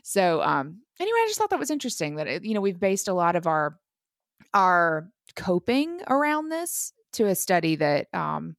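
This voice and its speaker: A woman with a lilt talks on a podcast in a low, gravelly voice full of vocal fry. She rambles, circles back and restarts her thoughts, and the sound is close and dry. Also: sing-song, moderate pace, no room sound. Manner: rambling, many fillers and restarts. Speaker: podcast co-host. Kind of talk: casual podcast chat.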